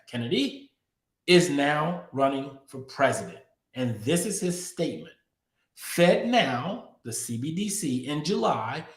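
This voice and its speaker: A man hosting a crypto politics show, giving emphatic news commentary straight to his viewers. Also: a little high. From Texas. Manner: emphatic, addressing viewers directly. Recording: echoey room.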